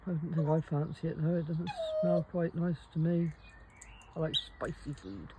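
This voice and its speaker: A woman's voice: deep voice, level tone, normal speed. A woman chatting casually to her pet parrots in a garden, in a coaxing, sing-song pet-talk manner. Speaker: parrot owner and vlogger. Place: outdoors in a garden. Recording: loud birdsong and traffic outdoors.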